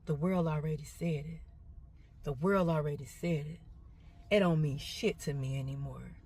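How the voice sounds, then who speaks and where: A woman's voice: deep voice, moderate pace, mellow, slightly rough. Confrontational middle-aged woman ranting. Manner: emphatic, repetitive, confrontational. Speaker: social media poster. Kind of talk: emotional rant to camera.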